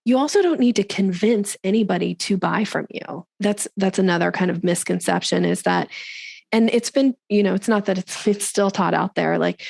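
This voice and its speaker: A middle-aged woman talking casually as a sales coach in an interview, emphatic and fond of acting out what other people say in a higher voice. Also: moderate pace, vocal fry, darkish tone, no room sound. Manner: emphatic, acts out quoted speakers in a higher voice.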